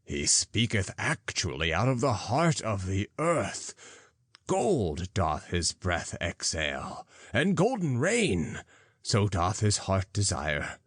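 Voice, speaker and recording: A man's voice: lowish voice, huge pitch swings, slow, no room sound, heavily acted. A man reading as a solemn prophet, declaiming in archaic English. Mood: mocking. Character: solemn prophet speaking in parables.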